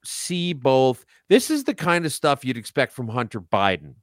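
A man with a mid-pitched voice co-hosting a podcast, sarcastic and mocking, with a joking edge. The recording is dry and close, with no room sound. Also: very animated, moderate pace, a bit bright, no echo. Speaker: podcast co-host. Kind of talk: casual podcast chat.

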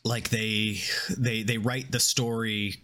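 A man co-hosting a podcast, recapping and discussing a TV episode in relaxed, rambling chat full of fillers. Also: fairly low pitch, slow. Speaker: podcast co-host. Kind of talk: casual chat breaking down a TV episode.

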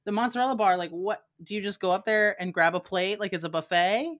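A woman's voice: medium pitch, fairly quick, a bit bright. A woman chatting casually on a podcast, sarcastic, laughing often and swearing lightly. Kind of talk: casual chat.

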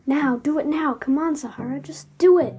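A woman's voice: high-pitched, moderate pace, dark tone, soft background music. A woman reading the lines of a lonely young female dragon who urges herself on in a fan story. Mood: urgent. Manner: intense self-urging.

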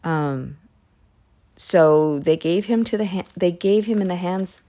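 A woman's voice: fairly low pitch, slow, dark tone. A woman casually retelling Bible stories in a chatty way, with self-corrections and side remarks. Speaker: Bible reading podcaster.

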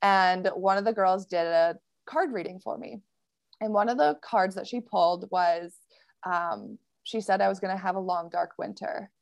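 A woman guest recounting a personal story on a podcast, casual and animated, filling gaps with "um" and "like". Her voice sits at an ordinary middle pitch. It is recorded close, with a dry, dead sound. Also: normal speed, creaky, dry recording. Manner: animated, laughs often, many fillers.

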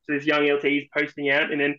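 An Australian man speaks fast in a bright, sharp voice, often restarting his sentences. His audio comes through dull and lo-fi, as if over a remote connection. He sounds relaxed in casual chat. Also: fairly high pitch. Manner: storytelling with repeated restarts. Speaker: guest, army veteran.

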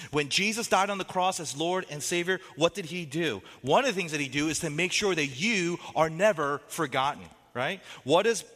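A male pastor preaching a sermon, asking many rhetorical questions and swinging from loud outbursts to hushed lines. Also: fairly high pitch, slightly rough, in a large hall.

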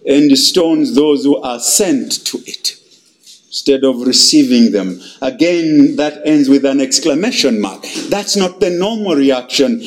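A man preaching a sermon, emphatic and dramatic, swinging between loud and hushed. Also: fairly high pitch, animated, slow.

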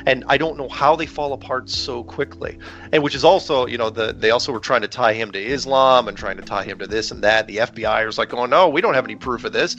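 A man's voice: mid-range voice, gravelly, fairly bright tone. Heated man ranting, lo-fi sound. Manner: heated, rapid, many restarts and rhetorical "right?". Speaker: podcast guest with his own channel. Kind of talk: casual conversational rant. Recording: dull lo-fi sound with faint music.

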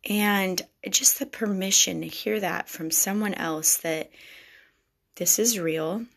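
A woman's voice: medium pitch, slow, vocal fry, fairly bright tone. A woman telling a personal faith story to her viewers in an earnest, confessional way. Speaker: vlogger speaking to wives.

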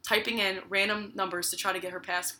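A woman's voice: mid-range voice, a little fast. A young woman telling a long story in casual chat, acting out what people said and using "like" a lot. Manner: lively storyteller, acts out quotes with many "like"s.

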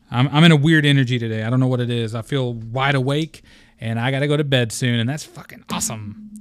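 Excitable rambling young podcast host. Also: male voice, mid-range voice, no room sound. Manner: scatterbrained, rambling and excitable, swears casually. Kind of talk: casual solo podcast chat.

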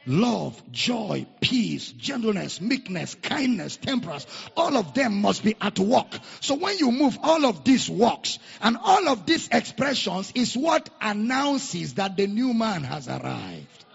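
A man's voice: sits high, sing-song, a little slow, vocal fry, few pauses, slightly rough. A man with a Nigerian accent preaching a sermon, leading the congregation in call-and-response repetition. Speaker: pastor. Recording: echoey hall, dull lo-fi sound.

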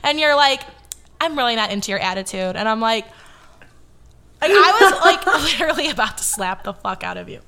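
A woman in her twenties hosting a podcast, telling a story in casual chat, animated and swearing as she acts out quoted dialogue. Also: on the high side, fast. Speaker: podcast host.

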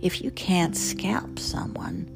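A woman voicing her feisty, eccentric Southern mother in a slow, emphatic way. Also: close to an everyday voice. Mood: defiant. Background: music.

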